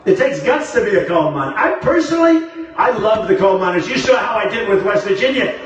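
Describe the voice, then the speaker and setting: A man's voice: sits high, expressive, fairly quick. A man giving a rambling, boastful campaign rally speech, repeating himself, heard through a phone from the crowd in a large arena. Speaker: political candidate. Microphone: phone livestream from the crowd. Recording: very echoey arena from far off.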